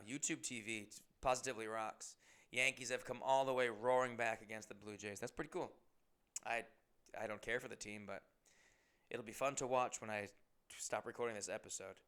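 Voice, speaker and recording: A man's voice: mid-range voice, bright, forceful tone, clear, resonant tone. A man hosting his own podcast, telling rambling, profane, self-deprecating stories in a casual monologue. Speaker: comedian and podcast host.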